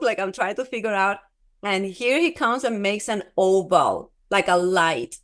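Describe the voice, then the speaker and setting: Woman guest, halting testimony full of fillers and restarts, mid-pitched. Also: lively intonation, fairly bright tone. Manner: earnest, often breaks into laughter. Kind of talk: personal testimony in a casual interview.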